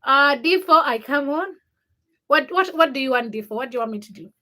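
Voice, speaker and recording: A woman's voice: high-pitched, animated, a little fast, sharp tone. A young woman from Uganda hosting a casual livestream, reading viewer comments by name and teasing them. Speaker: livestream host.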